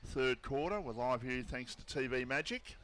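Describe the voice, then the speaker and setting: A man with an Australian accent commentating a local football match on radio, relaxed and bantering between calls. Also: medium pitch, normal speed, slight background noise.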